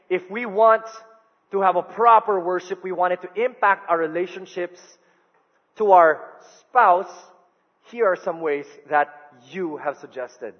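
A middle-aged male pastor, his voice sitting high for a man. He preaches in an animated storytelling way, dropping to a hush for tender quoted lines. The sound is muffled and carries a long hall echo. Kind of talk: sermon.

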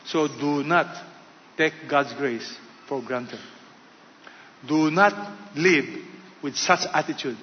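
A man preaching a sermon in short, emphatic phrases, rising loud and falling quiet. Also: on the high side, slow pace. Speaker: pastor. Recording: dull sound with long hall reverb.

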